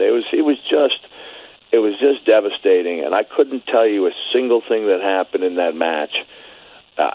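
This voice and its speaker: A middle-aged man telling a story as an interview guest, halting with many restarts. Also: low voice. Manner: halting, many restarts, grows quiet and shaky when emotional. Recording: phone-line audio.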